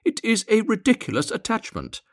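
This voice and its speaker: A man's voice: high-pitched, wildly swooping pitch, a little fast, no room sound, clean studio sound, pitched above the performer's own voice, heavily acted. A man voicing a flock of gossiping, scornful swallows in a storybook reading. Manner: twittering, scornful.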